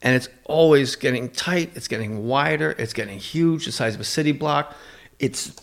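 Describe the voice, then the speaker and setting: Gravelly man riffing in casual chat. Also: mid-range voice. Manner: rambling, jokey, acts out voices in quick asides. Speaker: podcast guest.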